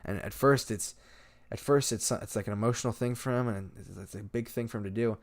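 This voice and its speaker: A man's voice: on the low side, a little fast, no echo. A young man hosting a podcast, chatting casually and telling a story with acted-out quotes. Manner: animated storyteller, acts out quotes. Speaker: podcast host. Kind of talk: casual chat.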